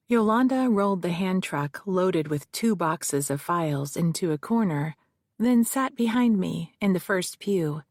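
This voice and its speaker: Low gravelly woman audiobook narrator. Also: no echo, studio quality. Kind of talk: scripted first-person narration.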